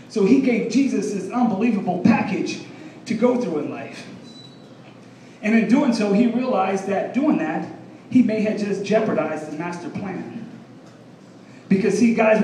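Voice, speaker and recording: A man's voice: sits high, a little mellow, slight background noise. Brash stand-up man in echoey room. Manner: brash, crowd-teasing delivery with drawn-out punchlines. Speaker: stand-up comedian. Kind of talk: stand-up set. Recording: echoey room from far off, faint ambience.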